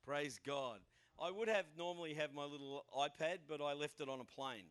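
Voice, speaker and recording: A man's voice: on the high side, moderate pace, a bit bright, a little hiss or hum. An Australian man in his fifties, a guest pastor giving an informal, chatty sermon in a church with frequent fillers.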